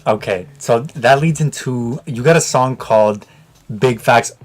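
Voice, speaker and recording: Male podcast host, relaxed, faint music. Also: medium pitch, measured pace. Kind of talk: casual interview. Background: music playing.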